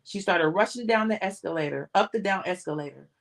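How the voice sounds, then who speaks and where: A woman reading a novel aloud on a livestream, steady and plain, sometimes restarting a word. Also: on the low side, brisk, gravelly. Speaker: audiobook reader.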